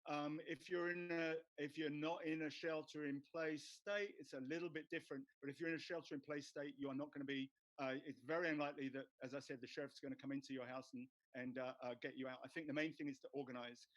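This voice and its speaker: Tenant organizer guy, earnest, slightly high, dry mic. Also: steady tone, quick pace, few pauses, no room sound, low-quality recording. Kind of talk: casual spoken advice on a video call. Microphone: video call.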